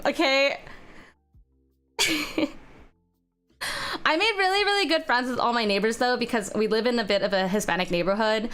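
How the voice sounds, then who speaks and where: A young woman with a fairly high voice chats loosely with her viewers while drawing on a livestream. She rambles from one aside to the next, filling gaps with "like" and "um" and laughing often. Soft music plays faintly underneath. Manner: rambling, chatty, laughs often, many fillers. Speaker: art streamer. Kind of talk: casual chat while drawing on stream.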